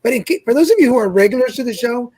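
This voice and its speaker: A man's voice: very high voice, animated, very fast, darkish tone, slightly rough, rough recording. A man co-hosting a casual chat show, sassy and chatty as he thanks viewers and leads topics. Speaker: co-host.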